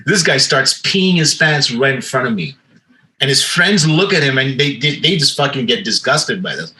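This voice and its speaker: Animated, lively storytelling man. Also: medium pitch, normal speed, low-quality recording. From Canada. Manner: animated, profane, acts out quotes. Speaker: podcast host. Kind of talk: casual storytelling.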